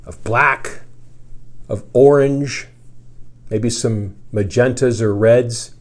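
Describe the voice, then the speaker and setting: A man's voice: mid-range voice, slow. A middle-aged man, a radio journalist, spinning a casual, meandering yarn full of asides. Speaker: radio journalist telling a story. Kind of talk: casual storytelling.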